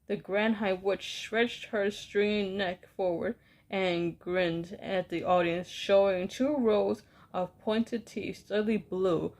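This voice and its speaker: A woman's voice: mid-range voice, fairly even intonation, darkish tone. A woman reads a children's novel aloud. She takes her time over every sentence and sometimes trips over a word. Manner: unhurried storytelling with small stumbles. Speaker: reader.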